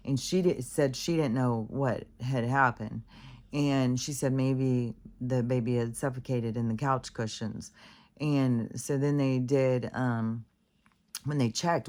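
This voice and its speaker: A woman vlogger telling a story in a rambling casual monologue, with many fillers, restarts and blunt swearing. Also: rumbling low. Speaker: spiritual vlogger.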